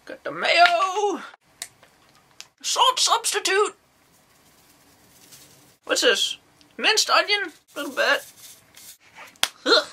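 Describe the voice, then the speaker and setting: Lady doing a kooky old nun reviewing horror flicks, super high squeaky voice, bright and piercing, rambles and exclaims a lot. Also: big pitch swings, very slow, long pauses, slight background noise, exaggerated voice, poor audio. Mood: rambling. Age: older. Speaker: movie reviewer. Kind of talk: comedic character monologue.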